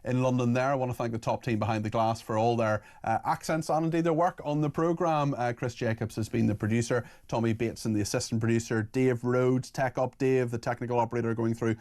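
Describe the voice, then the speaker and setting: A male talk radio host who speaks quickly at a mid pitch. He handles callers and listener messages in a brisk, chatty way, moving the show along without pause. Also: a little mellow.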